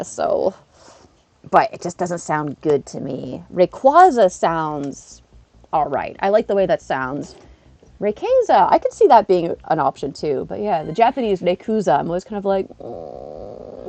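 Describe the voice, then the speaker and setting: A young woman streamer chatting casually to her live-stream viewers, acting out quoted people in an animated way and laughing often. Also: normal speed, gravelly, faint music behind. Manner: animated, acts out quotes with big pitch jumps. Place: living in Japan.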